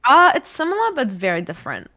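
A woman's voice: high voice, quick pace. A young woman from New Zealand with a mild New Zealand accent, chatting casually as a podcast guest, full of "like" and fillers. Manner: chatty, animated, with frequent fillers. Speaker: guest, streamer.

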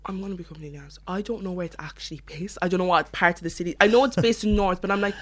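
A young woman in her late teens with a Cork Irish accent, chatting as a guest in a casual radio interview, animated and laughing easily. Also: on the low side, rapid-fire. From Cork, Ireland. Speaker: actress guest. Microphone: phone line.

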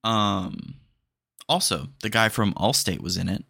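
A man hosting a podcast in casual chat, excitable and rambling, peppered with "dude". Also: on the low side, unhurried, vocal fry, husky, no echo, clean studio sound. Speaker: podcast host.

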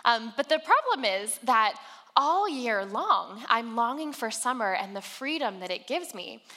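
A young woman with a bright, fairly high voice delivers a chatty, storytelling sermon full of casual fillers. Her voice rings with the long reverb of a large church hall. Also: sing-song, a little slow. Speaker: speaker giving a sermon. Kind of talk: conversational sermon.

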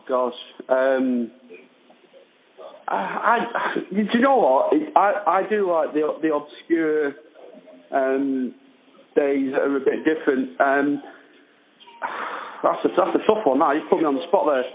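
A man calling in on a thin, phone-like line, his voice sitting a touch high. He talks casually and haltingly, often starting a phrase twice before finishing it. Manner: hesitant, many restarts. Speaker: guest fan on the phone. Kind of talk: casual chat.

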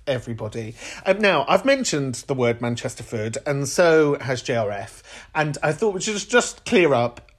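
A man hosting a podcast, talking in a campy, affectionate way to his callers. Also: medium pitch. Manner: warm-hearted, campy, calls people babes and sweet pea. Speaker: podcast host. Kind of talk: casual podcast chat.

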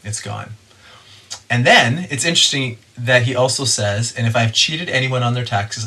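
A man preaching a sermon in an easygoing, conversational voice. He sits at an ordinary middle pitch and retells the story with animation, taking on the voices of its people as he goes. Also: sharp tone. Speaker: pastor.

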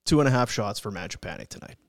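A man's voice: on the low side, fast, creaky, no room sound, studio quality. A man co-hosting a sports podcast, chatting about hockey, making jokes and reading sponsor spots. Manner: lively, reads sponsor spots, jokey. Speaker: sports radio co-host. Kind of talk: sports podcast chat and ad reads.

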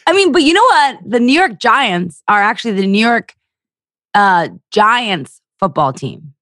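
A woman's voice: on the high side, very animated, a little slow, fairly bright tone, no echo, clean studio sound. A young woman from the Philadelphia area, a stand-up comedian talking casually on a podcast, telling stories with crude jokes and acted-out voices.

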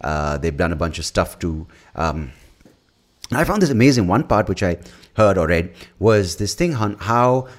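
Rambling, profane Indian man with a low voice. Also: animated, normal speed. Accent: Indian English. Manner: rambling, profane, self-correcting. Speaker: comedian podcast host. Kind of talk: casual rant.

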